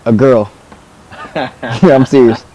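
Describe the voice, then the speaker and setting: A man's voice: mid-range voice, slow, background noise. A teenage American man telling stories in casual chat, acting out quotes with laughs. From United States. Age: teens. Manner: animated, acts out quotes with laughs. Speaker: guest artist. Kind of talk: casual storytelling.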